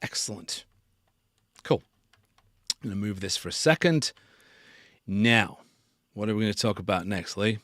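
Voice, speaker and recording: A man's voice: on the low side, animated, measured pace, pauses often, fairly bright tone, no echo, studio quality. A man hosting a casual live stream tutorial on sound design and joking about himself as he works. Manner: casual, self-deprecating.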